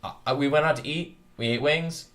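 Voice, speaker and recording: A man's voice: on the high side, fairly quick, a bit bright. A man co-hosting a casual podcast with friends, telling a rambling, profane story and laughing often. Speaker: podcast co-host.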